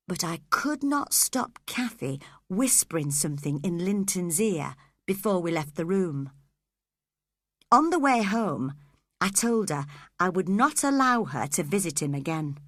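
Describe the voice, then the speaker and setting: Slow, lively-voiced woman narrating an audiobook. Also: fairly low pitch, dry recording, studio quality. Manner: measured, storytelling.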